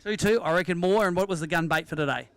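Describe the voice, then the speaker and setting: At an outdoor fishing weigh-in at a sailing club, an Australian man emcees the event, chatting with anglers and ribbing them with jokes. His high voice comes through fast, clear, and resonant, with no room sound, as he delivers live commentary full of banter.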